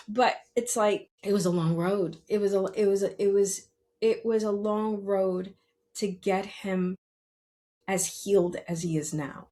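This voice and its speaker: A woman's voice: medium pitch, steady tone, a little slow, warm tone. A middle-aged woman hosting a podcast, talking earnestly and tearfully about parenting, often repeating herself and asking "you understand?". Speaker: podcast host. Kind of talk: emotional personal monologue.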